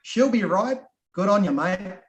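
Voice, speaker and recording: A man's voice: high voice, lively intonation, a little slow, a loud crowd, pitched above the performer's own voice. A man putting on an exaggerated, jokey broad Australian bloke full of slang, with a roomy video-call sound. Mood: hamming it up.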